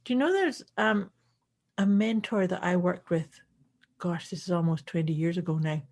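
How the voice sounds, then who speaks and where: A woman's voice: lowish voice, normal speed, gravelly, a little mellow. A woman co-hosting a casual podcast chat, reflective, often repeating words as she searches for what to say. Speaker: podcast co-host, healer.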